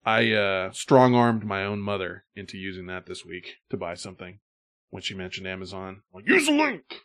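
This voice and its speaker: A man's voice: low voice, flat delivery, moderate pace, a bit bright, clear, resonant tone. A man co-hosting a podcast, chatting loosely and thanking supporters. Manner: loose, rambling, thanks listeners. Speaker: podcast co-host. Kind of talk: casual podcast chat.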